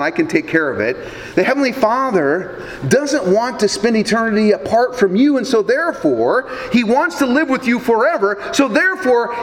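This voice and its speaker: A male pastor from Nebraska preaching a sermon, telling stories in an animated way with small stammers. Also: high voice, big-room sound, slight background noise, poor audio.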